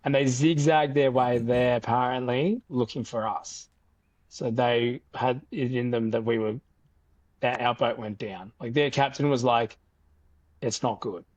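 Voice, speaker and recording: A young Australian man telling a story in a casual podcast interview, animated and loose with fillers and restarts. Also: medium pitch, a little slow, no echo. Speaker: podcast guest.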